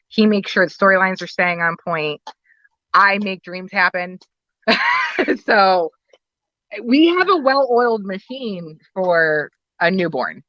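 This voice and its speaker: Bright chatty woman, lo-fi sound. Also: fairly low pitch, very animated, slow pace, no room sound. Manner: chatty storyteller, laughs often. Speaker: wrestling booker and valet. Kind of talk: casual podcast interview.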